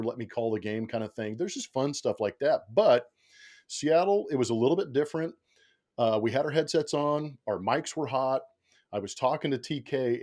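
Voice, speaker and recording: A man in his podcast-guest role, telling a baseball story in loose, casual chat. His voice sits in the middle register, and he slips into quoted voices and laughs as he goes. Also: mid-range voice. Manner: animated storyteller, acts out quotes, laughs often.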